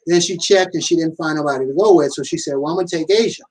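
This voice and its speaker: A man co-hosting a podcast who tells his side of the story in a measured, fact-focused way and sometimes teases with playful interruptions. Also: on the high side, darkish tone, distant mic, low-quality recording. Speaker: podcast co-host. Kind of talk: casual conversation.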